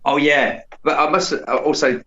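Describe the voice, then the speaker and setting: A man's voice: fairly high pitch, fairly even intonation, moderate pace, sharp tone, highs cut off. A man chatting casually as a podcast guest, rambling and hesitant with many fillers and restarts. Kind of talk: casual chat.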